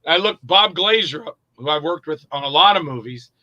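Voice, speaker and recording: Male actor-director guest, sharp bright tone, slightly high, loose storyteller who plays out the dialogue. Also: fairly quick, dull audio. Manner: lively storyteller who acts out other people's lines; loose and rambling, with profanity. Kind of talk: casual anecdote-telling in an interview.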